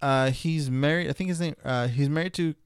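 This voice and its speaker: A man's voice: on the high side, a little fast, clear, resonant tone, no room sound, studio quality. A man in a casual podcast chat, laid-back and searching for words.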